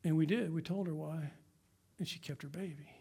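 Earnest high-voiced pastor preaching. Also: male voice, fairly even intonation, a little fast, vocal fry, warm tone, husky. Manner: earnest, exhorting. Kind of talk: sermon. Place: church sanctuary.

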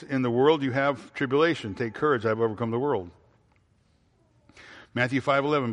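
A man's voice: medium pitch, in a large hall. A man preaching a sermon in an ordinary mid-range voice. He puts questions to the congregation and answers them himself. He repeats key phrases for emphasis, with frequent fillers. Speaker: pastor.

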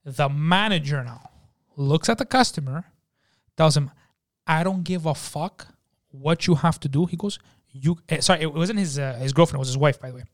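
A man telling a story in casual chat in a podcast studio, animated and profane, acting out the people in it. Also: fairly high pitch, moderate pace. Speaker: podcast guest.

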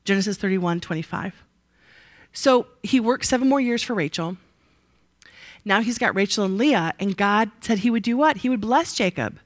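A woman teaches a Bible study to a live group in a lively, conversational way, with a mid-range voice at a moderate pace. She often asks the group rhetorical questions and answers them herself. The studio sound is clean, with no echo.

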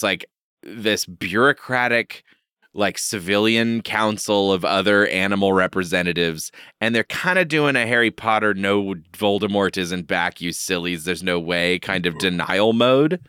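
A man with a bright, crisp voice co-hosting a casual podcast from a remote call. He talks in a wry, easygoing way, often laughing. The sound is dry and close. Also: lowish voice, dry recording. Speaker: podcast co-host. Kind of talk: casual chat.

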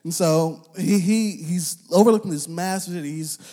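A young man preaching a relaxed, chatty sermon full of slang and fillers. His voice sits a little high for a man. He acts out the voices of the people in his stories. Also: normal speed. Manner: conversational, uses slang and filler words; animated, acts out quoted voices. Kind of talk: casual sermon.

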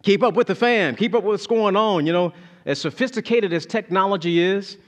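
A man preaching a sermon as pastor, emphatic and animated, repeating key phrases. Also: high voice, fairly quick.

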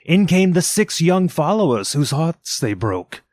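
Expressive man narrating a classic story. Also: fairly high pitch, unhurried, no room sound. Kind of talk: dramatic audiobook reading.

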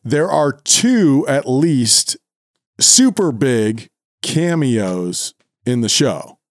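A man co-hosting a podcast talks in a loose, casual way, laughing often and restarting sentences as he goes. His voice sits at a middle pitch and sounds dry and close to the mic. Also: big pitch swings, very slow, dry recording. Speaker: podcast co-host. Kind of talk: casual chat.

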